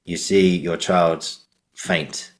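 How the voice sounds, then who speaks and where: A man's voice: low voice, steady tone, drawn-out words. A British man hosting a podcast interview, talking in a rambling way with lots of restarts and "you know". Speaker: podcast host. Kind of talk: casual interview chat.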